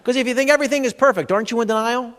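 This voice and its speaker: A man's voice: very high-pitched, rapid-fire, fairly bright tone. A man giving a comedic health seminar, firing jokey questions at the audience in a large expo hall. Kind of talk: stand-up style seminar talk. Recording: long hall reverb from a live venue.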